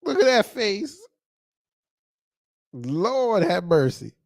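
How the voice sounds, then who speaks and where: A man's voice: high-pitched, big pitch swings, gravelly, darkish tone, no room sound. A man hosting a video reaction, throwing out exclamations and laughing hard between short remarks. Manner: slow drawn-out exclamations. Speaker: reaction channel host.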